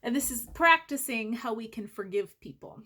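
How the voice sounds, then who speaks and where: A woman teaches a Sunday school lesson to young children, speaking gently and encouragingly, slowly and clearly. Her voice is on the high side, with lively intonation.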